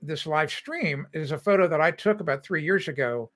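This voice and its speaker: Older homebuilding host, bright slightly high voice, rambling casual livestream chat with chuckles. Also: male voice, normal speed. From Cincinnati, Ohio. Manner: rambling, chuckling often, many fillers. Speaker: host of a home-building livestream. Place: home, indoors.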